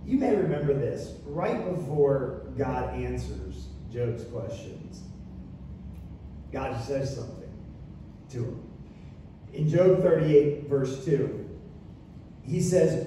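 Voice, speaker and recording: A man's voice: mid-range voice, animated, slow, pauses often, mellow, a little hiss or hum. A man preaching a sermon as pastor, with impassioned, repetitive delivery. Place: church sanctuary. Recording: echoey room from far off.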